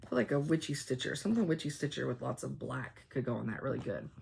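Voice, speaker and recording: Gravelly, chatty woman vlogger. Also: a bass voice, quick pace, a little hiss or hum. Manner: rambling, animated quoting of others, frequent ums. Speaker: cross-stitch vlogger. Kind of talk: casual chatty storytelling.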